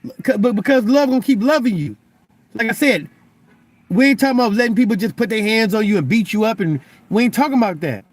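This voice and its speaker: High-voiced man casually preaching love. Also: expressive, quick pace, no room sound. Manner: stammers and repeats words while pressing a point; loose, conversational, keeps asking "you know what I'm saying". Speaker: Christian vlogger.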